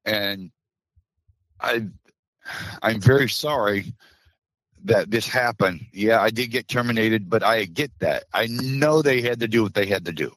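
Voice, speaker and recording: A man being interviewed, close to tears, apologizing in a halting way with many restarts. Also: lowish voice, fairly bright tone, no echo, low-quality recording. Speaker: interview guest, former truck driver. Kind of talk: emotional interview.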